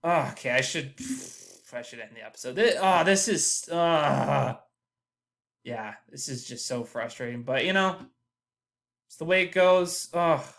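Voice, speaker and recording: A man's voice: a little high, a bit bright. A man hosting a live reaction podcast, emotional and dejected, groaning and sighing as his voice swings up and down. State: dejected, heartbroken. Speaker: podcast host.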